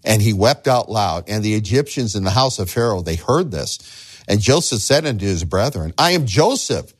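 A man preaching a sermon as a pastor, animated, acting out the voices of the figures in his story. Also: on the low side, normal speed, breathy edge. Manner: animated, acts out voices of the figures he tells about.

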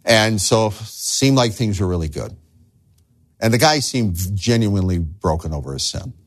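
A man's voice: on the low side, animated, normal speed. A man preaching a sermon as a pastor, earnest, asking the listeners rhetorical questions and repeating words as he starts phrases.

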